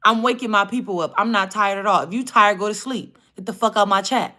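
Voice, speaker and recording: A woman hosting a livestream, telling a story in a casual, animated and profane way. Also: mid-range voice, brisk. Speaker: livestream host.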